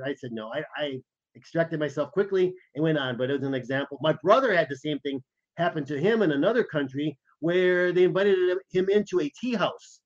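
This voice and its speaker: Male podcast co-host with a slightly high voice, animated storyteller, dull muffled recording. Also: a little fast. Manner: animated anecdotes, acts out quoted lines. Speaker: podcast co-host, former intelligence officer.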